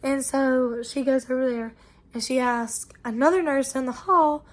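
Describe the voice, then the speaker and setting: A young woman, sick with bronchitis, telling viewers a long story in an animated, exasperated way. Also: high voice, measured pace. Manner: animated retelling, exasperated asides. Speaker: family vlogger.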